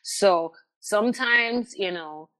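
A middle-aged woman, a guest telling personal stories in an interview, animated and repeating words as she restarts sentences. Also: mid-range voice, slow pace. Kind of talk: candid conversational interview.

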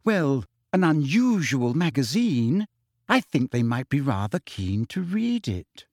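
A man voicing a clever, bossy teenage schoolgirl who speaks crisply and scathingly. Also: mid-range voice, big pitch swings, unhurried, a little mellow, dry recording, studio quality. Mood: level.

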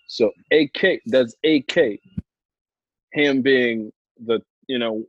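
A man's voice: mid-range voice, husky, no echo, lo-fi sound. A man in casual podcast chat, laid-back, laughing often and talking with lots of fillers.

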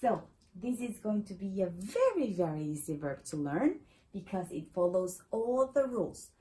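A woman with a Latin American Spanish accent, a native Spanish speaker, patiently teaching a Spanish lesson and repeating words slowly for learners. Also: medium pitch, big pitch swings, mellow, rough recording. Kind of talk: explaining a language lesson.

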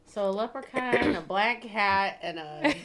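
A woman's voice: medium pitch, animated, a little slow, a loud crowd. A woman co-hosting a podcast who jokes playfully and giggles while she talks. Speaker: podcast co-host. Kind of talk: casual podcast chat.

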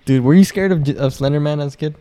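A man's voice: fairly high pitch, fast, warm tone. Laid-back joking young man. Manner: loose, joking, swears a lot, laughs often. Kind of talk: casual chat.

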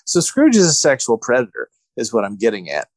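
A man's voice: medium pitch, huge pitch swings, brisk, no echo. A man co-hosting a casual podcast, ranting in exasperation as he retells a film and mocks its scenes. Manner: exasperated, ranting retelling with mocking quoted voices. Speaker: podcast co-host.

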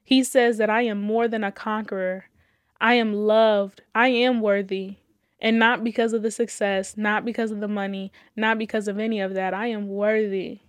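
A woman with a medium-pitched, flat voice shares her personal faith testimony at normal speed, with no echo. She speaks fervently and casually, calling listeners y'all, repeating phrases, laughing between lines and holding back tears.

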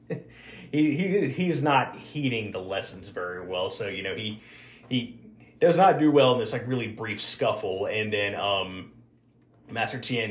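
A man's voice: on the low side, a bit bright. A man hosting a podcast, casually recapping a film with lots of fillers and restarts. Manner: rambling, many fillers and restarts. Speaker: podcast host. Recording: roomy echo.

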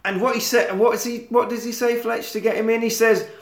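A man with a high voice tells a film plot in a loose, profane way, jumping into the characters' lines as he goes. He sounds like he is in an echoey room. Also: fairly quick. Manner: swearing, animated storytelling, acting out quotes. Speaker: podcast co-host. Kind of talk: casual film recap chat.

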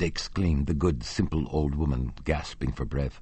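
A man narrating a classic novel as an audiobook, measured and expressive. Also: very deep voice, slightly rough, dry recording. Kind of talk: scripted narration.

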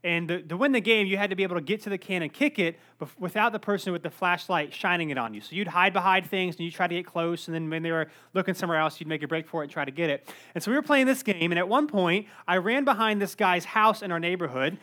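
A young man preaching in a high, light voice. He tells a story with lively, self-deprecating humor before moving into the sermon. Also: quick pace, hardly any pauses. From North Carolina, USA. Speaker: pastor.

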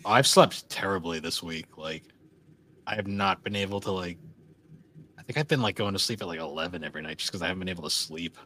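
A man's voice: low-pitched, fast, a bit bright, a little hiss or hum. A man co-hosting a podcast in casual chat, rambling with lots of fillers and laughing often. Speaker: podcast co-host.

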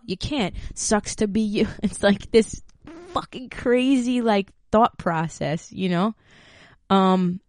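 Woman, podcast host, personal story, blunt and profane, lowish voice, dry sound. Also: darkish tone, no echo. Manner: frank and profane, talks straight to listeners.

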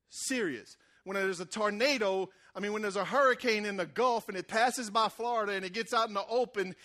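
This is a man preaching with an easygoing, chatty delivery and a bright, high-pitched voice. He keeps drawing responses from the congregation in call-and-response style and voices the people who appear in his stories.

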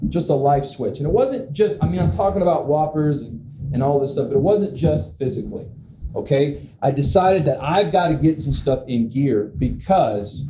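Brief: man in his forties, pastor, joking self-mocking sermon, slightly high voice, echoey hall with background noise. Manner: animated and self-mocking, with comic asides. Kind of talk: humorous sermon. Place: church sanctuary.

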